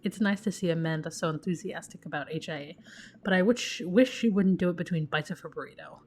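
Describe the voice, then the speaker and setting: A woman's voice: fairly low pitch, fairly quick, darkish tone, slight background noise, lightly acted. Woman doing a dorky sentimental dad. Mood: fond. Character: goofy sentimental middle-aged single dad.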